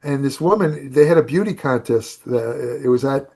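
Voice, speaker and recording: A man's voice: medium pitch, animated, moderate pace, a little mellow, husky. An older man, a bodybuilding writer, telling rambling anecdotes on a podcast with many restarts. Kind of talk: casual storytelling on a podcast.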